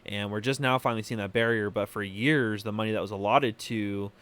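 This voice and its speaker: A man hosting a podcast from California, giving opinionated solo commentary in a halting way, full of fillers and restarts. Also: lowish voice, fairly even intonation, a bit bright. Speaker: podcast host.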